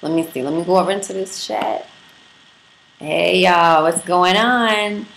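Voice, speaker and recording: She's a Brooklyn woman hosting a casual livestream, addressing viewers directly in a brash, playful, profane way. Her voice is gravelly and on the low side yet fairly bright, at a measured pace, in an echoey apartment room with faint noise behind her.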